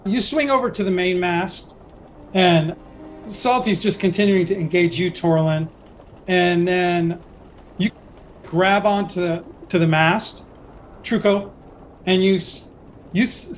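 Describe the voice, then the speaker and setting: A man acting as game master of a tabletop game, explaining rules and narrating scenes in a relaxed way with frequent self-corrections. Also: high-pitched, measured pace, a little hiss or hum.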